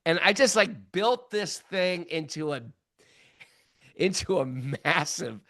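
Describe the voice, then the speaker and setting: Lively older man telling a story. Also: a little high, takes it slowly, dry recording, clean studio sound. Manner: animated, self-mocking storytelling with many fillers. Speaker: podcast host. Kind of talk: casual storytelling.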